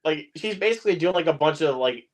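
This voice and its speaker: Lively man rambling with lots of "like". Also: on the high side, fast talker. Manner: rambling, heavy use of "like", laughs often. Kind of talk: casual chat.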